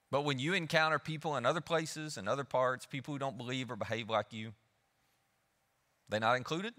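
A male pastor preaching in a lively, conversational way, his pitch swinging widely as he asks the room questions. His voice is bright and forward. A long reverb from the church hall follows each phrase. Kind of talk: sermon. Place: church auditorium.

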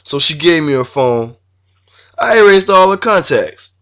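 A man's voice: on the high side, big pitch swings, unhurried, sharp tone. A man telling a crude comic story in a brash, swaggering freestyle. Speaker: comedian.

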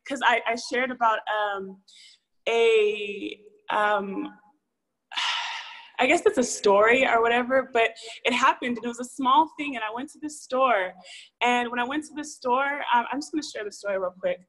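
A woman's voice: a little high, normal speed, a bit bright, low-quality recording. Rambling woman telling a story. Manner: rambling, many fillers and restarts. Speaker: caller sharing a story on a live show. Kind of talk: casual storytelling.

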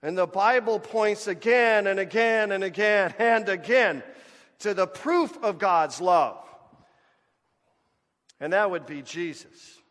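A man preaching a sermon as pastor, animated and speaking to the congregation as folks. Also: high-pitched, takes it slowly. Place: church sanctuary. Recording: church hall with long reverb.

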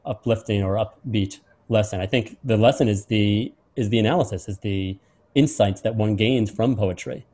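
A man hosting and lecturing, doing a close reading of a speech and drawing out key words in a measured way. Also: lowish voice, mellow. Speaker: host and lecturer.

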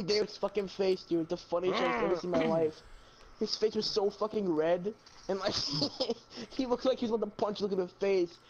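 A gaming channel co-host with a high-pitched voice tells a funny story at a moderate pace in casual chat, laughing throughout and swearing a lot. A loud crowd is audible, and the highs are cut off.

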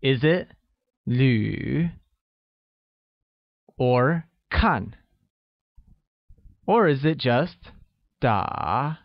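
A man reads a scripted language lesson at an unhurried pace, drawing out each example word. His pitch moves up and down a lot as he praises and quizzes the learner. The recording is dry and a little dull. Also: lively intonation, no room sound. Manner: slow, careful delivery with drawn-out example words. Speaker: language teacher.

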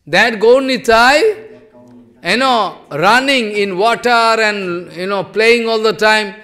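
A man's voice: high-pitched, slow, sharp tone. A man giving a sermon as a spiritual teacher, telling stories animatedly in broken English and teasing his listeners.

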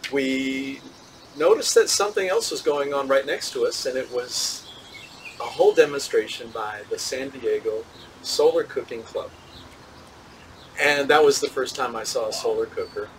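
A man, a physicist, answering interview questions in a measured, thoughtful way, with small laughs and restarts. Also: mid-range voice, far from the mic, a little hiss or hum, low-quality recording. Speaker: physicist and solar cooker tester, interview guest.

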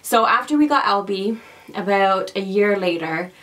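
A young woman talks casually to her camera in a chatty, affectionate vlog. Her voice sits at a middling pitch, and she laughs easily between sentences. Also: expressive, normal speed, fairly bright tone. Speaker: vlogger.

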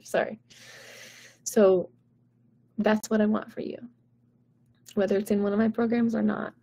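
A woman vocal coach talking to her viewers on a live stream, chatty and encouraging, with "like" and "right?" all through her talk. Her voice is husky and mellow, with some vocal fry at the ends of phrases. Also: medium pitch.

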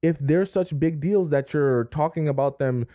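A man's voice: on the high side, moderate pace, dark tone, no room sound, studio quality, close to an everyday voice. A man doing a baffled, stammering girlfriend. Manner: stammering, confused. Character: bewildered female partner, stammering.

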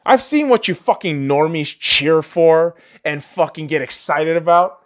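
A man's voice: a little high, expressive, measured pace. A young man hosting a solo podcast, ranting profanely and arguing back at himself. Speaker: podcast host.

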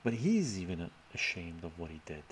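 A man's voice: sits low, very animated, brisk, slight background noise. A man live streaming and answering his chat in a loose, rambling way, often tagging his points with "right?" and chuckling.

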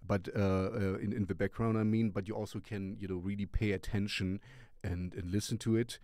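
A man's voice: fairly low pitch, little pitch movement, brisk, darkish tone, no room sound, studio quality. A man hosting a music recommendation show, reviewing a song casually in a rambling, hesitant way with lots of fillers. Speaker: radio-style music show host.

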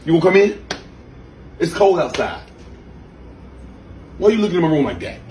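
A man's voice: moderate pace, reverberant, distant mic, slight background noise. A man playing a cheating boyfriend who makes defensive excuses from his hotel room. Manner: defensive, deep, lively excuses. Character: caught boyfriend hiding at a hotel.

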